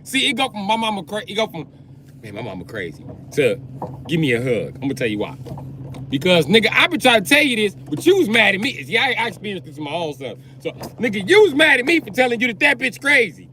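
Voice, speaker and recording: This man's voice is very animated and sharp as he rattles off a rambling rant on a live stream from his car. He jokes crudely with big swings in pitch, and the rough recording has slight background noise.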